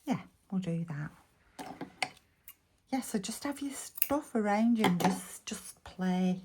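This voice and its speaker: A woman's voice: medium pitch, expressive, slow pace, mellow, slight background noise. A woman with a Bolton accent from Lancashire, chatting casually through a crafting tutorial and muttering half-whispered asides to herself as she works. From Bolton, England. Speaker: craft vlogger.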